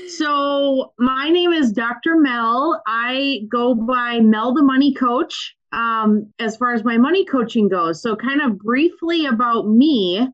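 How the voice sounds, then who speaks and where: Minnesotan woman, podcast guest, upbeat and chatty, fairly high voice, slightly dull lo-fi sound. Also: slow pace, hardly any pauses. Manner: upbeat, chatty, many fillers. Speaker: guest, nurse practitioner and money coach. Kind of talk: casual podcast interview.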